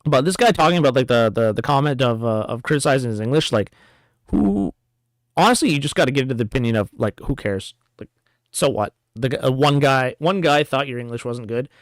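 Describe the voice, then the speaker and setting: A man's voice: medium pitch, lively intonation, brisk, dry recording. A man hosting a casual reaction commentary, rambling with frequent restarts. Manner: rambling, stops and restarts often, reads comments aloud.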